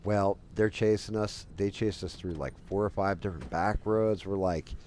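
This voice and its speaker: A man's voice: fairly low pitch, normal speed, darkish tone. A man in his forties, a game streamer, casually telling a long rambling story while he plays, with lots of filler words. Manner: rambling, loose, heavy with "like" fillers.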